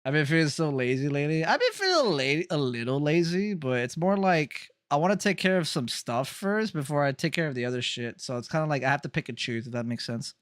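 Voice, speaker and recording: A man's voice: fairly high pitch, fast, few pauses, no echo, studio quality. A man chatting casually on a live game stream, teasing viewers, laughing often and swearing freely.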